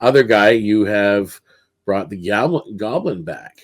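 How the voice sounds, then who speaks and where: A man narrating as game master of a tabletop game, talking haltingly with many fillers and restarts. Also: lowish voice, animated, no echo, low-quality recording.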